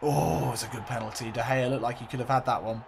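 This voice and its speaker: A man hosting a let's play, calling a football game like a commentator, swinging between excitement and glumness. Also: medium pitch, quick pace, creaky, noisy background.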